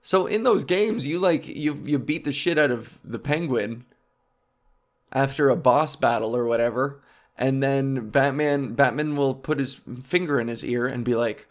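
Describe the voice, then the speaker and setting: Speaking at a measured pace in a medium pitch, this comedian podcast host rambles through a casual comic monologue. His talk is animated and full of profanity, jumping between subjects.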